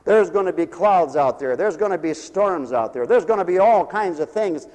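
An impassioned male preacher with a strikingly high voice, calling out to his congregation. He speaks in a church where a long reverb trails after each phrase of his sermon. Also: animated, moderate pace, darkish tone. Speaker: pastor. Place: church sanctuary. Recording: long reverb of a large hall.

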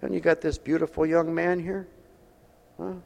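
A man preaching a sermon at a mission, folksy and pastoral, asking his listeners questions and swinging from soft asides to loud exhortation. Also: fairly high pitch, flat delivery, moderate pace, gravelly. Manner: folksy and pastoral, speaks directly to listeners with call-and-response questions. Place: mission hall with a congregation. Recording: long reverb of a large hall.

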